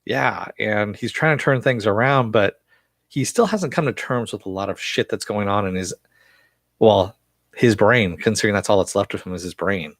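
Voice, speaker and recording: A man's voice: on the low side, moderate pace, fairly bright tone, no room sound. A man casually recapping a TV episode in a loose, chatty way, with lots of fillers and swearing. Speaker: show reviewer.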